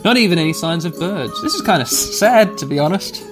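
A man's voice: sits high, expressive, brisk, over music. A man playing a text adventure aloud, reading it out and adding casual, wry asides. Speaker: game player and host.

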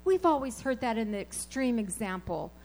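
High-voiced woman preaching emphatically. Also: normal speed, rough recording. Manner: animated, emphatic, repeats key phrases. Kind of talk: sermon with personal storytelling.

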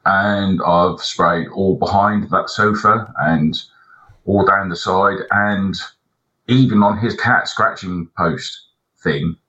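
Brief: male podcast co-host, lowish bright voice, tells sweary rambling stories. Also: highs cut off. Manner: rambling anecdotes, heavy swearing. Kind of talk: casual chat.

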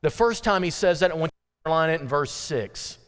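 A man's voice: a little high, expressive, fairly bright tone. A male pastor preaching a sermon to his congregation, emphatic and repetitive on key phrases, with folksy asides and direct questions to the listeners. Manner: emphatic, repeats key phrases, slows down for stress. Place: church sanctuary. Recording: long reverb from a church hall.

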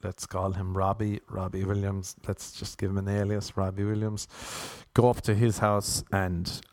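A man's voice: low voice, level tone, normal speed, a little mellow, dry recording. A young Irish man telling rambling, self-mocking comic stories, often laughing at his own jokes. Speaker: comedian. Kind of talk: comic monologue.

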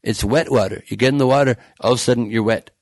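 A man's voice: mid-range voice, quick pace, no room sound, close to an everyday voice. A man doing a mocking impression of a blustering male politician who rambles and repeats himself in a self-satisfied way. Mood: rambling.

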